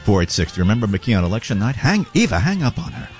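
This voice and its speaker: A man's voice: fairly low pitch, sing-song, racing, a little mellow, soft background music. Teasing, sing-song male radio host. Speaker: radio talk show host. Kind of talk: casual radio banter, reading listener texts.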